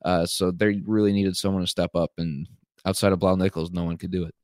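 A hoarse man co-hosting a sports podcast, breaking down plays quickly with lots of "uh"s. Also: sits low, little pitch movement, darkish tone, dry recording, studio quality. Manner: fast, filler-heavy analysis with many "uh"s. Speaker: podcast co-host.

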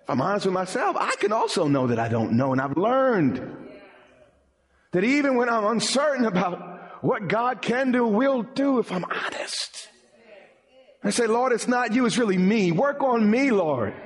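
A man preaching a sermon as pastor, in a dramatic style that drops low and quiet and then rises high and pleading. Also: huge pitch swings, unhurried, long pauses.

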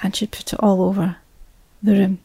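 A woman, a mother, telling a personal story in a reflective way, often dropping to a hushed whisper. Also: mid-range voice, flat delivery, normal speed, vocal fry, breathy edge, dry recording.

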